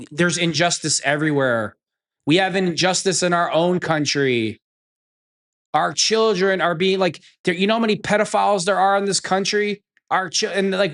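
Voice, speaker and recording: A man's voice: high voice, fairly bright tone. A man hosting a commentary show, ranting sarcastically and with profanity as he reacts to clips.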